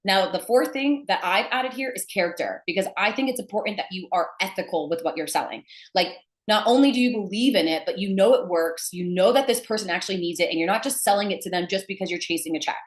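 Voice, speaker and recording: A woman's voice: mid-range voice, quick pace, few pauses. A young adult woman teaching sales to camera in an emphatic, blunt manner. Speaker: sales coach. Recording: echoey room.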